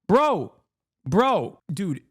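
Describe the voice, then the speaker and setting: A man's voice: high-pitched, very animated, drawn-out words, a bit bright, breathy edge, no echo, clean studio sound. A man in his thirties streaming live political commentary, mocking and profane, with lots of animation.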